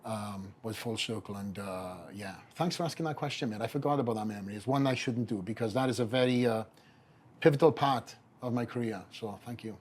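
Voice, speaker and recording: A man's voice: mid-range voice, a little fast. A middle-aged man with a Welsh accent, a bodybuilder telling his story as a podcast guest, acting out the voices of people he quotes. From Wales. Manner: animated storyteller who acts out quoted voices.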